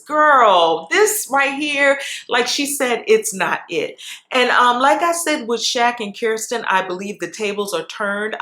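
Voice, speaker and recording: A woman's voice: mid-range voice, roomy sound. A woman chatting casually as she recaps a reality show, telling stories with lots of asides. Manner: chatty, animated storytelling with asides. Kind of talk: casual chat.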